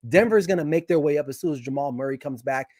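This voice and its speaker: In a casual sports chat, a fast-talking male guest with a notably high voice gets animated and opinionated. He restarts his sentences often as the point develops. There's no room echo; the audio is dry and close.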